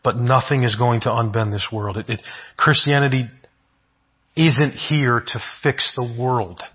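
A pastor preaching a sermon in an earnest way, often repeating words and asking "right?". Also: male voice, mid-range voice, steady tone, measured pace, husky, lo-fi sound.

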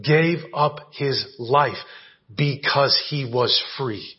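Here a pastor of medium pitch speaks slowly in a slightly rough voice, preaching conversationally and often checking in with those gathered. The setting is a church sanctuary, and the recording is dull, lo-fi church audio.

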